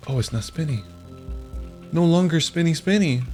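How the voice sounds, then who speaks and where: A man's voice: fairly high pitch, big pitch swings, moderate pace. A young man commenting on his live game stream in a playful, joking, mock-dramatic way. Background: faint game music.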